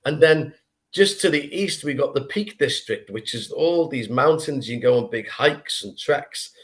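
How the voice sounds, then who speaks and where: A man's voice: medium pitch, animated, moderate pace. A man with a Scouse accent hosting a casual podcast chat, talking with eager enthusiasm. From England. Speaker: podcast host.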